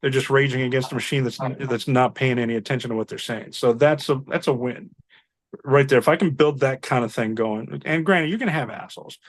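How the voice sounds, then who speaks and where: A man's voice: medium pitch, a little fast. A man in network support telling a work story in casual chat, swearing freely and acting out what people said. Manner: animated, acts out quoted voices, swears casually.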